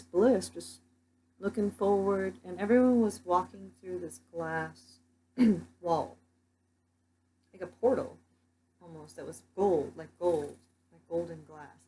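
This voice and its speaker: A woman's voice: deep voice, a little hiss or hum, rough recording. A young woman telling her dreams in a casual vlog, rambling with lots of "like" fillers. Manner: rambling, many "like" fillers, soft-spoken. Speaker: vlogger.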